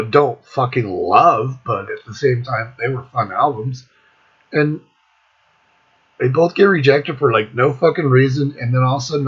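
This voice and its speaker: This is a middle-aged man venting on his video channel as a music vlogger, cursing nonstop in a loose, annoyed rant. He has a mid-range, fairly bright voice with a slight roughness, captured in dull lo-fi audio.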